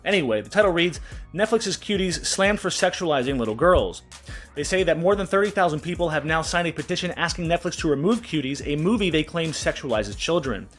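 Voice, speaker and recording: A man hosting his channel, ranting in indignant outrage, swearing often and stumbling over repeated words. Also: fairly high pitch. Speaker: channel host. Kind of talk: angry commentary rant.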